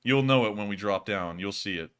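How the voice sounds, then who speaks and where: Male stream host, bright and punchy, chatty and jokey, casual commentary. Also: fairly low pitch, brisk, clean tone. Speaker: host of a live war-news stream.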